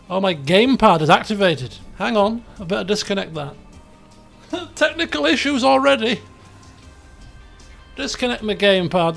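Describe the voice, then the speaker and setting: A man's voice: high voice, vocal fry, fairly bright tone. A man streaming a racing management game, chatting casually in a rambling, self-deprecating way. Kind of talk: casual live-stream commentary.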